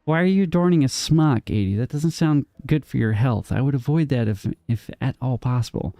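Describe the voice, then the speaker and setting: A man's voice: medium pitch, lively intonation, a little fast, mellow, dry recording, studio quality. A man streaming a game live, joking playfully with his chat, answering viewers by name and laughing often.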